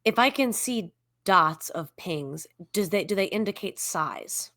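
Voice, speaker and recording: A woman's voice: medium pitch, animated, measured pace, fairly bright tone, dry recording, studio quality. A woman playing a tabletop game, asking lots of curious questions about the action. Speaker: player.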